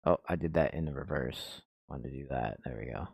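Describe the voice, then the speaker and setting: A man's voice: rumbling low, fairly quick, gravelly, darkish tone, breathy edge, no room sound. A man producing music on a stream, thinking aloud in a laid-back, slangy way and muttering half-finished thoughts as he works. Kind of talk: casual thinking-aloud commentary while mixing.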